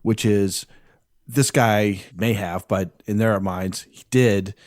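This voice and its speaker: A man talks through his thoughts in a casual, reflective podcast chat. His voice sits a little low and is recorded close, with a dry sound. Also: steady tone, takes it slowly, dry recording.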